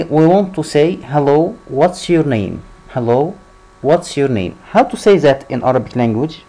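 A young man teaching a language lesson online, repeating short example phrases slowly for students to copy. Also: fairly high pitch, mellow, poor audio. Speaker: Arabic tutor.

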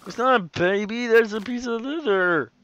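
A man voicing a scornful mother who flatly brushes off her son in a joking gaming skit. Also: sits high, normal speed, heavy background noise, voice pushed up, close to an everyday voice.

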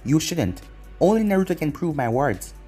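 A man's voice: on the high side, sing-song, normal speed, warm tone, slightly rough, soft background music. A man voicing an earnest adult female ninja in a fan-made story reading, speaking in a pleading, sincere way.

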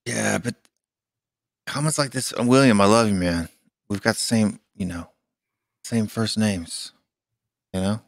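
A man's voice: on the low side, unhurried, gravelly, long pauses, dry recording. Exasperated rambling man, dry sound. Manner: exasperated, rambling, frequent fillers. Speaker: podcast co-host. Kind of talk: casual chat.

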